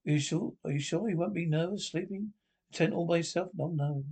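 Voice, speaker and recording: A lecherous expedition leader with a gravelly, cheeky voice that keeps hinting at more. He leers his way through his offers in the broad style of a 1970s film comedy. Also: fairly high pitch, brisk, a little mellow. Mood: suggestive. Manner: leering and suggestive. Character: lecherous middle-aged male expedition leader.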